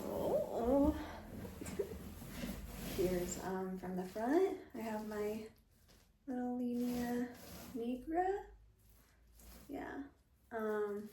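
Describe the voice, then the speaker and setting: A young vlogger chats about her pregnancy at home in a rambling, filler-heavy way, a little short of breath. Her voice is mid-range, the audio sounds roomy, and there is background noise.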